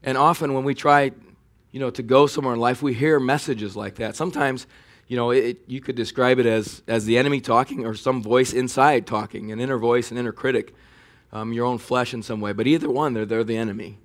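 A man delivers a sermon in an easy, conversational voice at a middle pitch. He talks to the congregation like he's chatting with them, leaning into points with extra emphasis. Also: fairly quick. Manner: conversational preaching, animated when mocking enemy taunts. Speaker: pastor.

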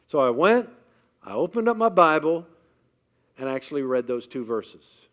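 A man's voice: a little high, very animated, normal speed, a bit bright. Man giving an emphatic faith talk. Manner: emphatic, questions the audience often. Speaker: speaker addressing a live audience. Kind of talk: faith-based motivational talk.

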